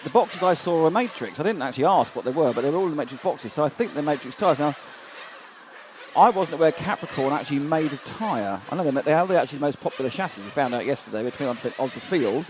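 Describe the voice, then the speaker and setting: A man's voice: a little high, animated, quick pace. A man commentating live on a model car race, chatting and rambling through viewer comments at an outdoor track. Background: engine noise.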